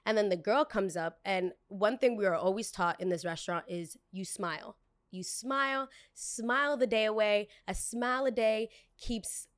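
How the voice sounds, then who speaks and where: Brief: young woman storytime host, gossipy and animated. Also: medium pitch. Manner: gossipy, animated, quick asides. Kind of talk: storytime vlog.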